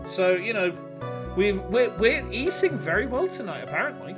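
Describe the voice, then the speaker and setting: A man's voice: high-pitched, big pitch swings, moderate pace. A man in his thirties casually chatting and swearing while streaming a game. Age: 30s. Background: game music.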